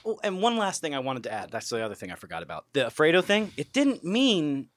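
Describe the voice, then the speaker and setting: A man from an Italian-American family co-hosting a podcast, chatting in an animated, laughing, jokey way. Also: on the high side, a little fast, dry recording, clean studio sound. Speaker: podcast co-host. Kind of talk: casual comedic banter.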